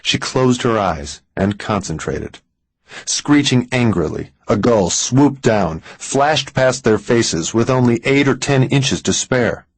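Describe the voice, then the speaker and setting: A man narrating a suspense audiobook in a measured way, slowing down for tense moments. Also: mid-range voice, lively intonation, no room sound, rough recording. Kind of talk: scripted narration.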